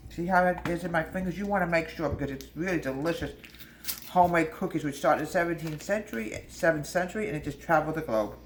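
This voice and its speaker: A woman demonstrates home baking in a casual, chatty manner, often addressing viewers as "folks" and drifting off topic. She speaks fairly quickly in a low-pitched voice, and her kitchen sounds echoey with background noise.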